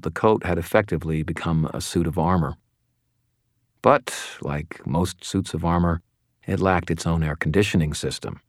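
A man narrating a first-person fantasy audiobook in a steady, wry storytelling manner. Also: low voice, no room sound, clean studio sound.

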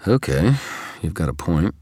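A man voicing a tired, sardonic male wizard, gruff and defensive, in an audiobook. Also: low voice, big pitch swings, normal speed, warm tone, no room sound, clean studio sound, heavily acted. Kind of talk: audiobook character reading.

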